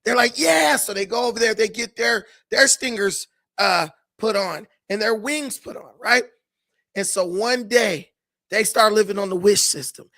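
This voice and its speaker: A man hosting a talk show, telling a fable in a casual, animated, slangy way. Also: high voice, a little slow. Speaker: host.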